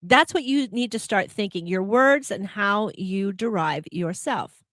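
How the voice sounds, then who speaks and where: Woman host, reflective spiritual talk, rhetorical questions, middle pitch, dry recording. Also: a little slow, dry recording. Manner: asks the listener rhetorical questions; animated, laughing when telling about herself. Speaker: podcast host.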